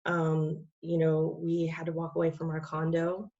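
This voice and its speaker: A woman's voice: deep voice, monotone, moderate pace, warm tone, highs cut off. A woman, a guest in an interview, sharing a personal testimony in a rambling way with many fillers and restarts.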